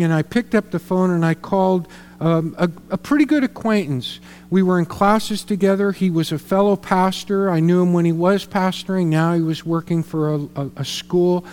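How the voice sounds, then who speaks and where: Male pastor, middle-aged, earnest sermon storyteller, high voice, reverberant sanctuary. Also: a little mellow. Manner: storytelling, earnest, repeats words when emphatic. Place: church sanctuary.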